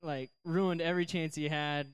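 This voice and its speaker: The recording is clean, with no room sound but clipped high frequencies, and carries a young adult man's rather high voice at normal speed with fairly even intonation. A youth pastor, he tells a story during a church service to a live group in a chatty, joking way, doing silly character voices.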